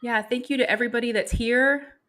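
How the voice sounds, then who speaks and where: A woman's voice: fairly high pitch, fairly even intonation, fairly quick, fairly bright tone. Chatty woman hosting a livestream. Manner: chatty, laughs often, greets viewers. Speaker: livestream host. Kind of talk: casual livestream chat.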